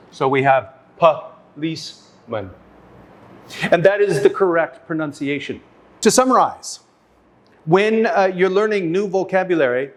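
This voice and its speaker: A male English teacher giving a pronunciation lesson, speaking slowly and carefully and repeating words so learners can practice. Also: fairly high pitch.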